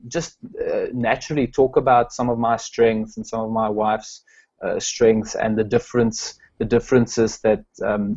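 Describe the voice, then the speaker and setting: A man's voice: lowish voice, darkish tone, muffled recording. A man from South Africa, a strengths coach, answering interview questions with many fillers and restarts.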